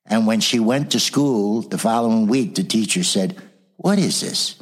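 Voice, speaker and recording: An older man tells lively stories from his years as a motivational speaker and trainer. His voice is low and husky. He acts out the people in his anecdotes, shifting into their voices as he goes. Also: normal speed. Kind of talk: storytelling in a casual interview.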